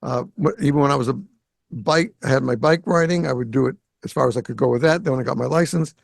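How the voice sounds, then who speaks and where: A Greater Boston man hosts a podcast from his South Florida home, telling a casual story at a fast clip in a gravelly, medium-pitched voice. He's an animated storyteller who acts out the quoted dialogue. The recording is dry, with no echo.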